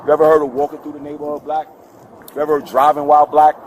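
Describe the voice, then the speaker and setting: A man from New York arguing with a police officer on the street, agitated, yelling and swearing, picked up by a body camera. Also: fairly high pitch, level tone, rapid-fire, slight background noise. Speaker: detained pedestrian. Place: outdoors on a city street.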